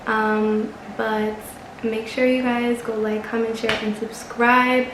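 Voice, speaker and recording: A woman's voice: a little high, little pitch movement, slow, roomy sound, background noise. A young woman vlogger telling a casual story, chatty and exasperated, swearing and laughing often.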